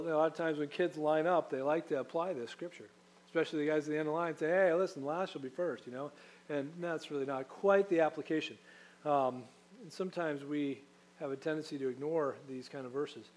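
Pastor, male, slightly higher voice, earnest sermon delivery with emphatic peaks. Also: a little mellow. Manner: earnest preaching, reads scripture aloud, swells for emphasis.

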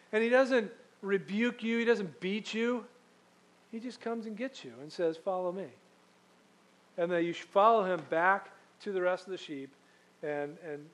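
A man's voice: sits high, rough recording. A man preaching a sermon as pastor, telling stories in a conversational way and reading scripture aloud.

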